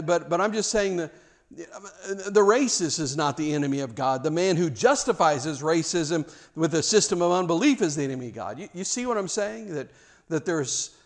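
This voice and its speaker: A man preaching a sermon; he is animated, often stammers and restarts, and acts out the scenes he tells. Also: on the high side. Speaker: pastor.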